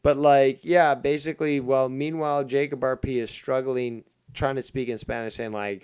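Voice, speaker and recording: A man's voice: mid-range voice, fairly even intonation, moderate pace, darkish tone, smooth. A man hosting a casual podcast, ranting and rambling with heavy swearing. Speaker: podcast host. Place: living in Canada.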